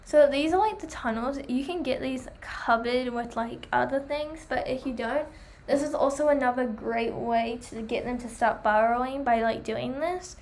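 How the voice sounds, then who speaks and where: A young woman chatting enthusiastically while reviewing pet products, full of fillers, her voice going hoarse. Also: high voice, moderate pace, a little mellow, a little hiss or hum. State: losing her voice. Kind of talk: casual chat.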